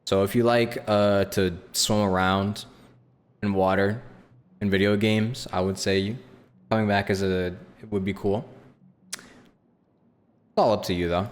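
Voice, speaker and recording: A young man streaming a video game, chatting casually and answering his viewers in a relaxed, rambling way. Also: lowish voice, measured pace, pauses often, big-room sound. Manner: relaxed, rambling, lots of fillers. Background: game music.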